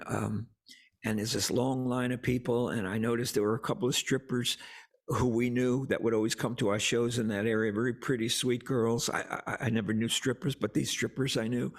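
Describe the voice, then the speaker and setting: A man's voice: medium pitch, little pitch movement, fairly quick. An older man, a songwriter, talking casually and earnestly about faith, often repeating words as he tells a story. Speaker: songwriter guest.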